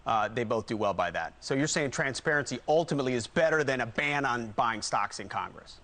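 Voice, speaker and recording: A man anchoring a news show, introducing a guest and asking pointed questions briskly. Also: mid-range voice, animated, a bit bright. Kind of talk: live news interview.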